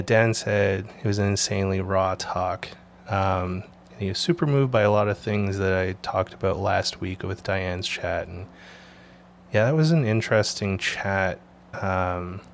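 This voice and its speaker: Animated low-voiced man telling stories. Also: slight background noise. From Canada. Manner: animated storyteller, swears casually. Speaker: podcast host. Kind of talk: casual chat.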